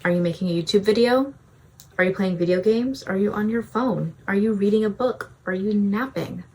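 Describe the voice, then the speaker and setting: A woman's voice: medium pitch, normal speed, darkish tone, husky. A young woman vlogging self-help advice in a casual, breezy way, often saying "like". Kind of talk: self-help vlog talk.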